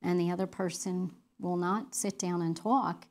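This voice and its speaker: A woman's voice: fairly low pitch, steady tone, a little slow, a little hiss or hum. A middle-aged woman leading a women's Bible study, talking earnestly and conversationally with fillers and restarts.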